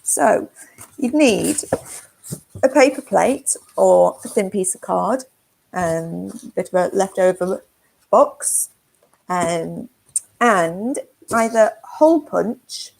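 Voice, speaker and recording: Gravelly, slow woman reading to toddlers. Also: medium pitch, low-quality recording. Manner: slow, gentle, sing-song, asks the children questions. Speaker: forest school leader. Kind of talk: reading a picture book to toddlers. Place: at home.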